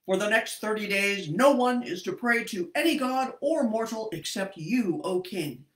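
A woman reading aloud as a group of smug male royal advisers who flatter the king and press him to act, recorded in an echoey room. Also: medium pitch, close to an everyday voice. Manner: insistent, smug.

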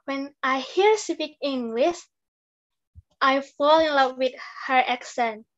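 A woman's voice: sits high, slow. A woman learning English reads out a prepared answer with enthusiasm. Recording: dull lo-fi recording.

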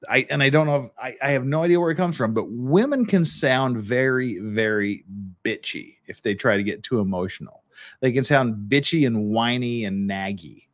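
A man's voice: medium pitch, moderate pace. A man hosting a podcast who talks through trial footage in a blunt, opinionated way, often restarting his sentences. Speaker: podcast host. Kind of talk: casual commentary on trial footage.

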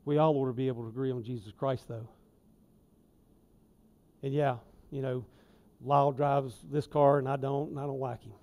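A man preaching a sermon in a church, folksy and conversational, with emphatic asides and swings in loudness. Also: mid-range voice, fairly even intonation, normal speed. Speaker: lay preacher. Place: church sanctuary.

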